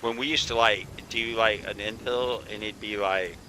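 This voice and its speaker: A laid-back man hosting a gaming chat, swearing at every turn and calling everyone bro. His voice is strikingly bright and sharp. There is a faint hiss of noise under it. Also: lowish voice, fairly even intonation, moderate pace, low-quality recording. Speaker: channel host, former soldier.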